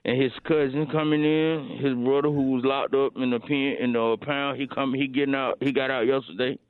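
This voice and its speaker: A man's voice: medium pitch, fairly even intonation, a little fast, clean tone, no echo, lightly acted. A man voicing a dim, boastful male caller from the hood who stammers and fills his talk with "uh". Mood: deadpan bragging. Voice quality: hesitant, full of stammers and "uh". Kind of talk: comedy phone prank bit. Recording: tinny dry phone line.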